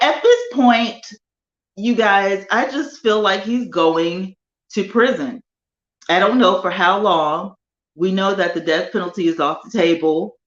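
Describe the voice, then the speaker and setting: A woman hosting a casual live chat with viewers from her home sunroom, animated and chatty with drawn-out emphasis. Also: fairly low pitch, reverberant, highs cut off. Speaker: livestream host.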